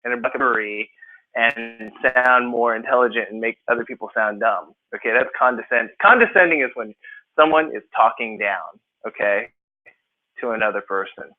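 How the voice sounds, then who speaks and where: A man tutoring a small class, asking questions and acting out word meanings. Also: medium pitch. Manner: animated, questions students, acts out examples. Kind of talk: classroom teaching. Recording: phone-like narrow audio.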